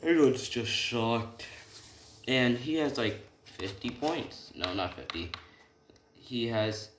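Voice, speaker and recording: A man's voice: mid-range voice, expressive, slow, reverberant, noisy background. A man casually improvising a fan story, rambling, correcting himself and tagging lines with "right?". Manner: rambling, constant "right?" tags and self-corrections; casual, slangy.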